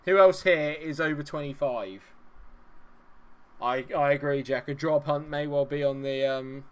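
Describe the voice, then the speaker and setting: A man's voice: fairly high pitch, steady tone, measured pace, clean tone. A young man streaming a game, chatting and joking with viewers, laughing often. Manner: chatty, jokey, laughs often, talks to chat. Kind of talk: live-stream chat with viewers.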